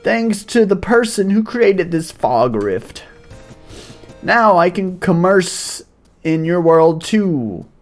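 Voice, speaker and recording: A man's voice: sits high, lively intonation, slow, soft background music, voice pushed up, heavily acted. A man voicing a sly, theatrical male merchant who cackles and sings his words. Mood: gleeful.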